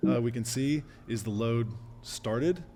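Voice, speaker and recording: A man giving a casual live-coding talk at a meetup, losing his voice and clearing his throat, with fillers and restarts. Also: mid-range voice, measured pace, mellow, slight background noise. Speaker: meetup presenter. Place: meetup room.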